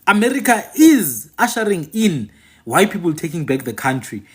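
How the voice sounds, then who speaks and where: A man's voice: sits high, sing-song, normal speed, slightly rough. A man with a South African accent who hosts a channel, giving an opinionated monologue to his viewers and repeating phrases for emphasis. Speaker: channel host and commentator.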